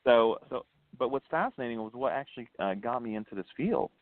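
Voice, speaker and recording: A crowd murmurs behind a Florida-raised, New Hampshire-born ghost tour founder and paranormal investigator as he talks a little fast in a casual phone interview. Laughing often and swooping in pitch, he animatedly tells history and ghost stories over a dry, tinny line.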